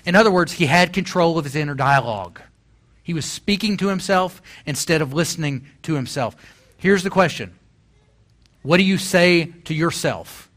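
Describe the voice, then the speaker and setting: A man's voice: fairly high pitch, lively intonation, moderate pace, fairly bright tone. A man in his forties preaching a sermon as pastor, telling stories and building to emphatic exhortation. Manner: storytelling, rising to emphatic exhortation.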